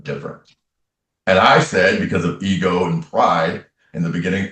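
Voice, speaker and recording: A man with a very low voice tells a personal story as an interview guest. He speaks earnestly and repeats key phrases for emphasis. He sounds a little distant from the mic, in a room with noticeable echo. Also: moderate pace, fairly bright tone. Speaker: interview guest, tarot reader and medium.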